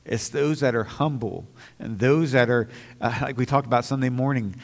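A man's voice: mid-range voice, normal speed, vocal fry, in a large hall. A man preaching a sermon as pastor, earnest and at times emphatic, with a slight stammer and small restarts. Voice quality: slight stammer on some words.

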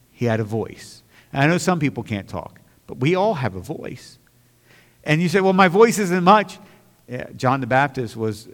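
Male preacher, mid-pitched, earnest sermon delivery, long hall reverb. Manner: earnest, rising to impassioned bursts.

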